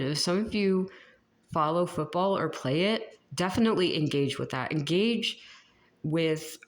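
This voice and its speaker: A woman talking casually through a tarot reading for viewers, rambling, restarting her sentences and laughing often. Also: low voice. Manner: many fillers and restarts. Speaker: tarot reader.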